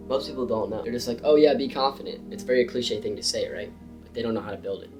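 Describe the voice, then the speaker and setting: Animated young man giving pep talk. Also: medium pitch. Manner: animated, emphatic, slangy. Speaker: self-improvement creator. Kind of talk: casual motivational talk to camera.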